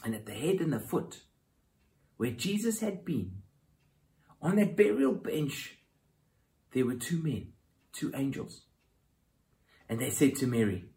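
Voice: medium pitch, expressive, a little slow, creaky, pauses often, mellow. A preacher giving a sermon, dramatically retelling a scripture story and reading verses aloud.

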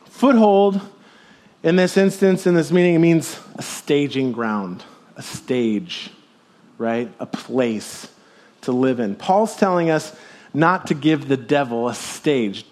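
A middle-aged male pastor preaching with a slightly high voice. He keeps his sermon casual and jokey and talks to the room like friends. He swings from loud, raised emphasis to low, quiet asides. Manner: conversational, jokey preaching with lively swings in loudness and pitch.

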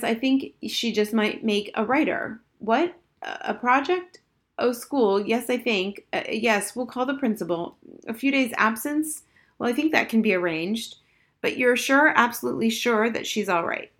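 A woman reads a storybook and puts on a fussy father stuck on a phone call, stammering and agreeing. His voice sits higher than her narration, with a polite, bothered edge. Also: lightly acted. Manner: flustered, halting, polite.

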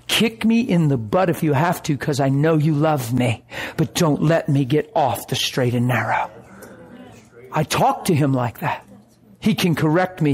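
A man preaching and telling a personal story in an animated way, acting out the voices of others. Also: a little high. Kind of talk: sermon storytelling.

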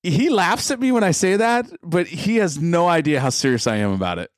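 Blunt, lively-voiced man ranting. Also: on the high side, a little fast, dry recording, clean studio sound. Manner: blunt, emphatic ranting with laughs. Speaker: podcast co-host. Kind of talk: casual chat.

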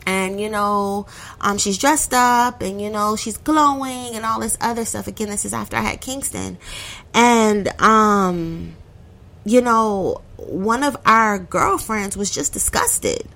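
A woman's voice: medium pitch, slow pace, gravelly, fairly bright tone. A woman tells a story casually and animatedly, acting out her friends' voices and swearing freely.

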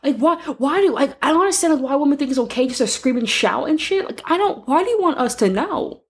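This podcast co-host is a woman who talks fast in a high pitch. Her casual storytelling is animated and heavy on swearing, and she performs other people's lines as she quotes them.

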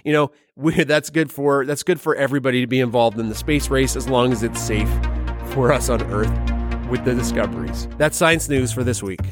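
A man's voice: mid-range voice, brisk, music in the background. A man hosting a science podcast, chatting casually and joking, with playful put-on quotes. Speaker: podcast host.

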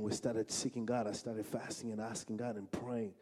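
A man's voice: fairly low pitch, normal speed, few pauses, husky. A man from Africa preaching a sermon, telling funny stories and repeating lines for emphasis. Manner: animated, humorous storytelling with emphatic repetition.

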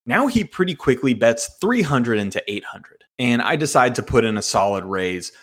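Male podcast host, solo talk, self-deprecating, animated, mid-pitched voice. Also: normal speed. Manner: self-mocking, animated storytelling. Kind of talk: solo podcast hand review.

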